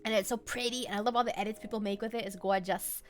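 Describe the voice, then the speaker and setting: A woman's voice: mid-range voice, steady tone, fast talker, faint music behind. A young adult woman streaming and chatting casually, rambling from one thing to the next and laughing often. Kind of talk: casual chat.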